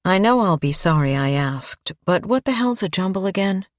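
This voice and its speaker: A woman's voice: fairly low pitch, lively intonation, moderate pace, no room sound, voice pushed up, natural voice. A woman voicing a dry, sardonic female detective in an audiobook.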